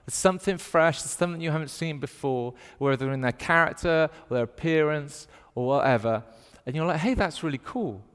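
A man in his thirties with a Northern English accent, preaching a lively sermon and telling stories with playful put-on voices. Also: on the high side, brisk, smooth, long reverb tail. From north of England.

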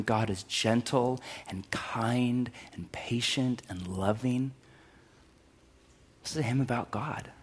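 A middle-aged man pastor preaching a sermon in an emphatic, energetic way, climbing to loud high peaks and dropping to quiet low stretches. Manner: energetic, emphatic preaching with sudden rises in pitch and volume.

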